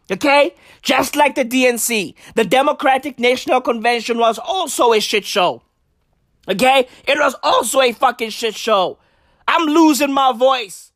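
A man hosting a podcast, ranting in casual commentary, excitable and profane, repeating himself and breaking into laughter. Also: very high voice, no room sound. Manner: excitable, profane, repetitive, keeps bursting into laughter. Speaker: podcast host.

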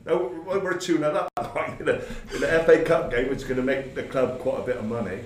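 A man's voice: mid-range voice, steady tone, fairly quick. A man over fifty, a former football manager casually telling rambling anecdotes, quoting himself and laughing along. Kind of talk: casual storytelling. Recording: roomy, distant mic, background noise.

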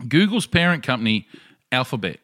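A laid-back Australian man chatting on a casual podcast. He brings up news items between easy banter and drops curses along the way, and his voice sits at a middle pitch. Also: big pitch swings, a little fast, sharp tone. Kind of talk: casual chat.

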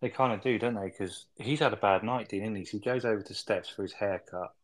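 A man's voice: fairly low pitch, fast. A man co-hosting a casual film review podcast, recapping scenes in a rambling, sweary way with tag questions.

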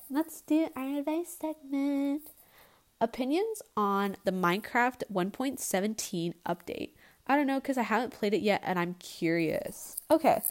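A young woman with a fairly high, darkish voice hosts a casual podcast by herself. She rambles and speaks bluntly with plenty of profanity, and there's no proper microphone.

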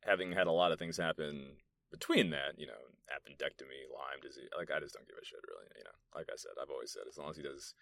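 Deep-voiced profane New York man rambling. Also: fast talker, vocal fry, fairly bright tone, no echo. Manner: rambling, profane, storytelling with many fillers. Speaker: podcast host. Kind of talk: casual solo podcast monologue. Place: soundproof meeting room in an apartment complex.

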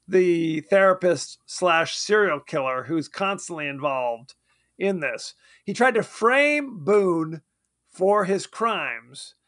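A man's voice: high-pitched, a bit bright. A man co-hosting a podcast, recapping a horror film in a rambling, laughing way. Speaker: podcast co-host. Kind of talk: casual movie-recap chat.

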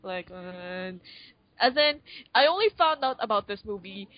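A woman's voice: mid-range voice, animated, unhurried, lo-fi sound, a little hiss or hum. A woman co-hosting a podcast, chatting casually about a movie, rambling with lots of fillers and restarts. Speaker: podcast co-host. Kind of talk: casual movie review chat.

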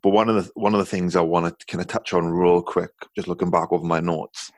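A man's voice: low voice, steady tone, fast talker, darkish tone, no room sound. A man hosting a podcast interview, talking in a friendly, rambling way with lots of fillers and checks like "right?". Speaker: podcast host. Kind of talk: casual interview. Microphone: video call.

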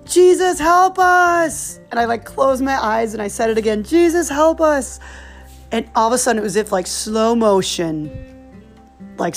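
A woman, a mother, earnestly telling personal faith stories in a casual, animated way. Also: medium pitch. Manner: earnest, animated retelling with laughs.

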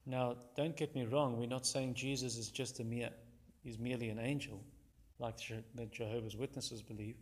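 A man preaching a sermon, constantly citing verse references and acting out the quoted voices with sudden jumps in pitch and volume. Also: flat delivery, normal speed.

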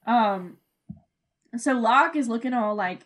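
Lively young woman podcast co-host. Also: on the high side, slow pace. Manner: animated, laughs often, swears casually. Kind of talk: casual podcast chat.

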